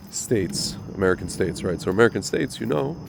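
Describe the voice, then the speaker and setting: In a noisy setting, a religious commentary host rambles on with his opinions, addressing viewers directly. His voice sits on the low side, gravelly and expressive, at a brisk pace, and sounds slightly nasal from a recent cold.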